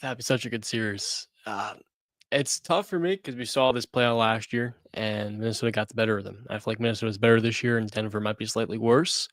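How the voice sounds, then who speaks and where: A man on a sports panel, talking in a quick, defensive, analytical way. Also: on the low side, steady tone, no echo, clean studio sound. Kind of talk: casual sports debate.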